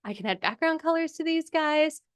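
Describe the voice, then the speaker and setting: Young woman, fairly high voice, chatty, enthusiastic, casual live screen-share walkthrough. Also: expressive, brisk. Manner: chatty and enthusiastic, many fillers. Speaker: workshop host demonstrating a design tool.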